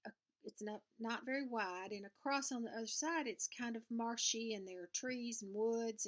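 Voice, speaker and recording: A woman's voice: on the high side, normal speed. An older woman with a Southern US accent, chatting casually to camera from her sewing room in a rambling, folksy way. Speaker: cross-stitch vlogger. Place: home sewing room, indoors.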